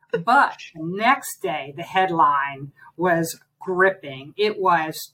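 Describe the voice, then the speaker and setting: A woman's voice: fairly low pitch, slow, few pauses, slightly rough, poor audio. An older woman from New Jersey, an author being interviewed, telling chatty stories in a casual conversation. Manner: chatty storyteller, animated anecdotes. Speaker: author, guest.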